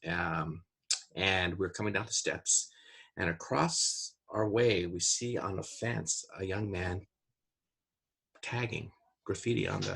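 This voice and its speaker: A man's voice: sits low, takes it slowly, gravelly, fairly bright tone, husky. A man in his forties, a podcast co-host, telling a story in a casual chat and acting out his own past panic in a raised voice.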